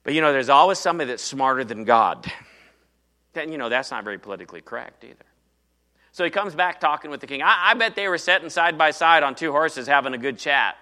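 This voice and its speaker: Preaching a sermon, a man retells Bible stories with animated flair and acts out the dialogue. His voice is on the high side and his pace is quick.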